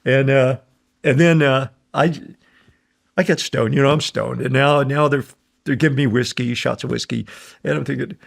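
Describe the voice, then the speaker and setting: Older american guy with a gravelly voice, rambling through war stories, keeps chuckling and doing the other guys' voices. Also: medium pitch, steady tone, moderate pace. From United States. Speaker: guest, war veteran. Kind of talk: casual storytelling.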